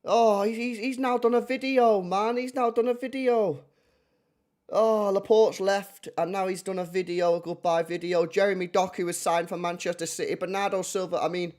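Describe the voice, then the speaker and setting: A man hosting a football reaction stream, animated and slangy, repeating himself as he talks. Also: sits high, fairly quick. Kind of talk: excitable live reaction chat.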